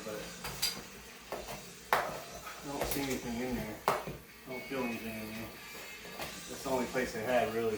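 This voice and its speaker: A man rambles in a folksy, opinionated way, talking to the camera while pulling out a beehive. His voice sits at a middle pitch and bounces around an echoey indoor room, with a faint hum of noise behind it. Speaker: bee removal worker and vlogger. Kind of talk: casual rambling talk to camera. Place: inside a house during bee removal.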